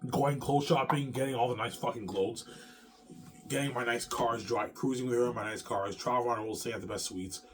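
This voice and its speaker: A man's voice: medium pitch, a little fast, fairly bright tone, a little hiss or hum. A man hosting his own channel, ranting to the camera in an agitated, profane, repetitive way. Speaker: channel host.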